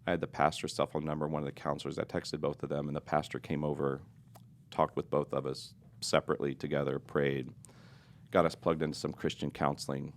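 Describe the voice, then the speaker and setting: A middle-aged man with an extremely deep voice and a rough, gravelly fry. He tells a personal story in a podcast interview, earnest and confessional, with a reflective tone.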